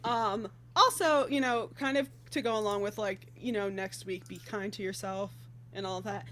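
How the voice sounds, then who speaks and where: A woman's voice: mid-range voice, normal speed, a bit bright, a little hiss or hum. A woman player giving announcements on a stream, earnest and hesitant with many fillers. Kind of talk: casual stream chat.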